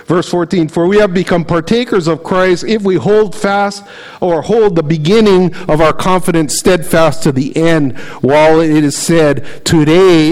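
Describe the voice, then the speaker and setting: A middle-aged man preaching in a relaxed, conversational way, his voice sitting a little higher than most men's. He reads scripture aloud and slips into lively storytelling. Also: rough recording. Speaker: pastor. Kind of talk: sermon.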